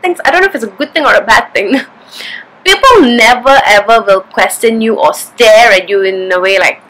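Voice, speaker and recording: A woman's voice: on the high side, moderate pace, rough recording. Chatty, giggly woman from India. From India, Kerala. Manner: chatty, giggly, animated storytelling. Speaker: vlogger. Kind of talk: casual chat to camera.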